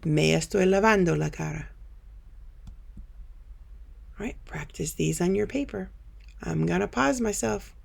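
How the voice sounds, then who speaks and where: A woman teaching a Spanish grammar lesson over slides, patiently explaining step by step and telling students to pause and practice. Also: on the low side, vocal fry, a little mellow, breathy edge.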